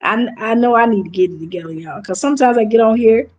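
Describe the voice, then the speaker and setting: A woman's voice: a little high, fast talker, darkish tone. A woman with a Southern accent chatting casually with viewers on her livestream, answering their comments and repeating herself. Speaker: livestream host.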